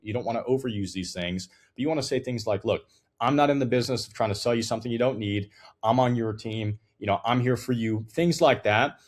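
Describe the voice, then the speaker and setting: A man teaching a sales call process, emphatic and direct, checking in with "okay?" and acting out sample lines for a client. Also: lowish voice. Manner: acts out sample client dialogue in quotes. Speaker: sales trainer. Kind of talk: instructional talk to camera.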